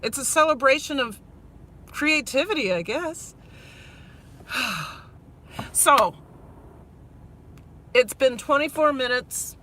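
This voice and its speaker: Woman, Minnesota accent, bright tone; rambling live-stream chat from her car. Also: high voice, animated, slow, long pauses, slight background noise. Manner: chatty, rambling, talks to viewers directly. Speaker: vlogger. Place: inside a car.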